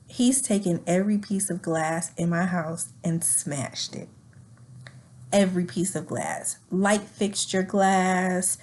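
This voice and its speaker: A young adult woman with a lowish voice tells her own story frankly and candidly. She keeps it animated by acting out what was said, with nervous laughs slipping in. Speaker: guest telling her story.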